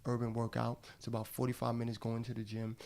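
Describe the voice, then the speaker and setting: A man's voice: medium pitch, monotone, quick pace, gravelly, darkish tone. A middle-aged man who is a guest actor, talking casually on a podcast in slangy, loose speech. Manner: slangy and loose, calls people bro. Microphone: studio podcast mic.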